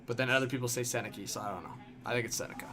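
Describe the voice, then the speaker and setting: With music in the background, a young hockey streamer talks very fast at a medium pitch while responding to chat. His casual commentary wanders, full of fillers and plenty of "like."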